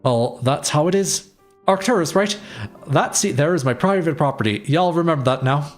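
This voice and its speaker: A man's voice: fairly high pitch, expressive, moderate pace, soft background music, close to an everyday voice. Man voicing a cocky young pigeon, American Southern drawl, bragging, game voice. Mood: boastful. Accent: American Southern, put on. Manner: drawling, proud.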